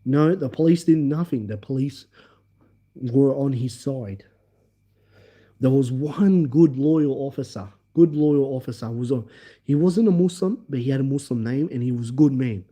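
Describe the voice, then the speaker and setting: A man hosting a livestream, telling a story in an animated, emphatic way and acting out the scenes. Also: medium pitch, normal speed. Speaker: livestream host. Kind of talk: casual storytelling.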